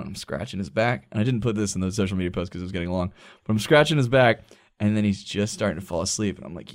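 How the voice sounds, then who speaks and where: A man in his thirties co-hosting a podcast, telling a story in a casual, animated way, acting out quoted voices and swearing freely. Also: on the low side, fast talker. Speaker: podcast co-host. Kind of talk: casual storytelling among friends.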